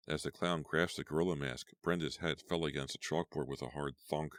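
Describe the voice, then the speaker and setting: A man narrating a horror storybook with measured suspense. His voice is extremely low, and the recording is dry and close. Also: steady tone, dry recording. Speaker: audiobook narrator. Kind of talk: scripted narration.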